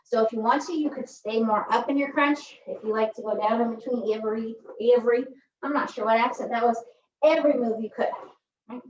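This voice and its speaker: A woman's voice: on the high side, fairly quick, slight background noise. A woman instructing a pilates workout in a chatty, joking way, often tagging her cues with "right?". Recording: echoey room, distant mic, dull sound.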